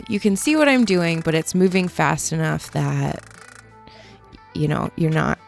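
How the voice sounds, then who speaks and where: A woman's voice: sits low, gravelly. A young adult woman who works as a metalsmith, recording a casual voiceover on her own footage. She rambles, mocks herself and laughs often. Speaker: metalsmith and video maker. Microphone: studio voiceover mic.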